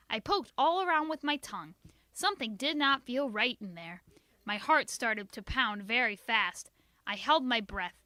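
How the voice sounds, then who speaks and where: Woman, children's book reading, high voice, bright, sing-song, expressive, dry close recording. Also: a little slow, no echo. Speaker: reader. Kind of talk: children's book read-aloud narration.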